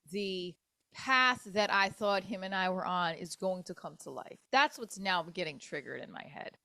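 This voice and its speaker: A middle-aged woman comedian talks through a dating story on her podcast, frank and full of swearing. She slips into other people's voices as she goes. Her voice sits at an ordinary pitch and sounds dry and close to the mic. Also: dry recording. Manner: candid, profane and animated, acting out other people's lines. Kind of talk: casual storytelling monologue. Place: New York.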